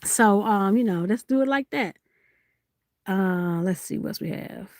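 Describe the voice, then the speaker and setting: A woman's voice: mid-range voice, a little slow, a little mellow, no echo, studio quality. A woman hosting a live-stream sale in casual chat, teasing and laughing as she reads out viewers' comments.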